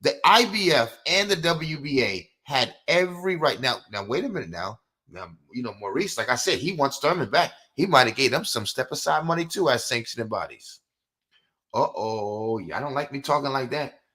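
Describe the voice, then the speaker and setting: A middle-aged man hosting a live boxing podcast, ranting with fiery, profane outbursts that drop into low mutters. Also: lively intonation, moderate pace, bright, forceful tone. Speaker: podcast host. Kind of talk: live-stream boxing rant.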